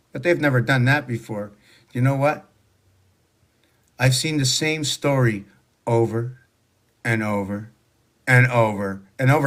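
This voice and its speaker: A man in his sixties delivers a meandering spoken monologue, drifting from topic to topic. His voice sits at an everyday middle pitch. He leans on rhetorical questions and a preachy, lecturing tone. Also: measured pace, long pauses. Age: 60s. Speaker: social media monologuist.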